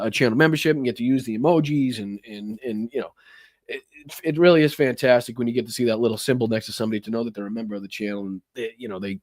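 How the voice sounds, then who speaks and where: A man with a Boston accent talks casually through a live stream, rambling and thanking his viewers one after another. He swears freely. His voice is mid-pitched and sits close and dry on the mic. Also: darkish tone, no echo.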